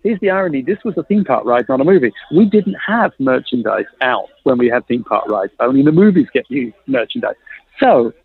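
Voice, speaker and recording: Animated man telling stories over a tinny line. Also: mid-range voice, a little fast, slightly rough, dry recording. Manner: lively storyteller acting out quoted dialogue; jokey and self-mocking. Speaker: guest, innovation consultant. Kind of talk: animated anecdote telling in a podcast interview. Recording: dry, tinny phone-like line.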